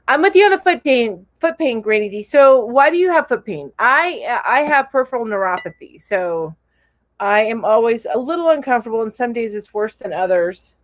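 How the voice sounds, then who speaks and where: A woman's voice: on the high side, animated, normal speed, dry recording. A middle-aged woman hosting a casual live stream, reading viewer comments aloud with a giggly, bubbly manner. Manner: bubbly, giggly, coos at her cat. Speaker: live show host.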